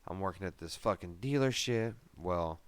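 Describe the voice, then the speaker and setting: A man's voice: deep voice, expressive, moderate pace, dry recording. A man in his thirties, a podcast host, telling a rambling story in casual chat, with constant swearing and filler words.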